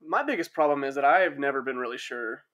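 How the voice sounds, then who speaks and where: A young man joins a relaxed podcast chat as a guest. He speaks at an ordinary pitch in an easygoing, reflective way. He sometimes hesitates as he searches for the right words. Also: fast. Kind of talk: casual chat.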